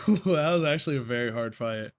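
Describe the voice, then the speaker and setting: A man's voice: medium pitch, expressive, moderate pace. A man streaming a game, joking with his chat, swearing and laughing often. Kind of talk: live gameplay commentary.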